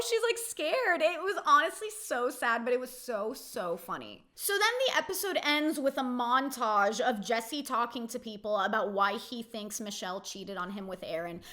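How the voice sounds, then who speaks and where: Young woman, fairly high voice, opinionated reality TV recap, casual chat full of "like". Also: fairly bright tone. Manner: chatty, opinionated, heavy use of "like".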